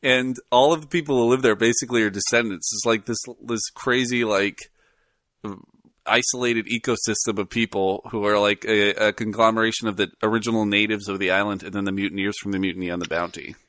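A man co-hosting a podcast in casual chat, animated and rambling, often laughing. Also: on the low side, brisk, dry recording, clean studio sound. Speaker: podcast co-host.

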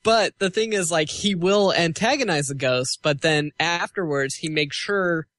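A man's voice: fairly high pitch, unhurried, a bit bright, no room sound. A man co-hosting a podcast in casual chat, earnest and easily amused. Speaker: podcast co-host.

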